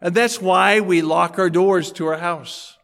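Guy pastor preaching, fairly high voice, chatty storytelling, big echoey hall. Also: steady tone, measured pace, creaky, fairly bright tone. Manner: conversational, telling anecdotes from the pulpit. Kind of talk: sermon. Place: church auditorium.

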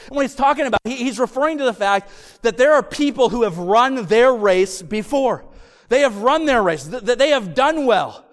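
A man delivers a sermon with animated, emphatic storytelling, slowing down to hammer key lines. His voice sits high for a man. A long reverb from the church hall follows every phrase. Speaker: preacher.

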